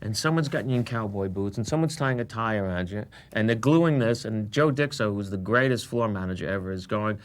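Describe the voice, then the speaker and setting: Animated man telling a backstage story. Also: on the low side, brisk, few pauses. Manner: lively storytelling, acts out voices. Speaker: comedy cast member. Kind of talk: animated anecdote.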